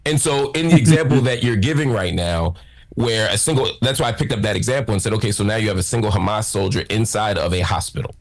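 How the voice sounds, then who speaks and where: A man arguing in a debate, measured but halting, with frequent restarts. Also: fairly low pitch. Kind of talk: debate argument.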